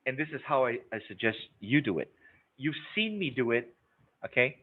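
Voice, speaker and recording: A man's voice: medium pitch, animated, moderate pace, long pauses. A man leading a live sales-training webinar, emphatic and repetitive, checking in with the audience as he goes. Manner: emphatic, repeats words, checks in with "okay?" and "right?". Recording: narrow phone-like webinar audio.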